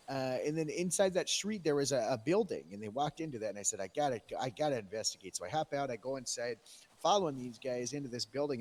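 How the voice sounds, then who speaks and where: A man telling a rambling, profane tall tale in character during a role-play game. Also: on the high side. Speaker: role-playing police character.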